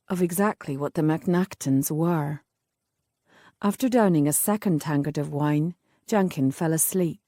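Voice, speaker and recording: A woman's voice, on the low side, delivers scripted narration for a historical romance audiobook. Her pacing is measured and even, captured in a dry recording with clean studio sound.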